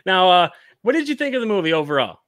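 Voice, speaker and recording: A man's voice: high-pitched, a bit bright, dry recording, clean studio sound. A man hosting a casual movie podcast, laughing often and using many "uh" fillers. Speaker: podcast host. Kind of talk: casual movie review chat.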